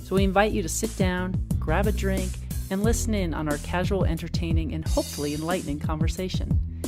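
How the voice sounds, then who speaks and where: A woman podcast host reading a scripted welcome in a friendly, smooth manner. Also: lowish voice, fairly even intonation, brisk. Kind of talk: scripted show intro. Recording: intro with loud music bed.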